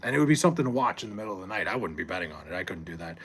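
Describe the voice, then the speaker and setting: A man's voice: on the low side, expressive, very fast, hardly any pauses, fairly bright tone, husky. A man streaming late at night from home, chatting loosely with chat, swearing and rambling, on a desk mic. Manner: loose, profane, rambling, reads chat aloud. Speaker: live streamer.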